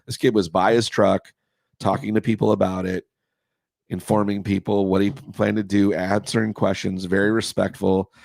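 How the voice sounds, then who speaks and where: Gravelly man chatting, voice going hoarse. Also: on the low side, flat delivery, moderate pace, darkish tone, no echo. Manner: rambling, with many restarts. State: losing his voice. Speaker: co-host, custom car builder. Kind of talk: casual chat.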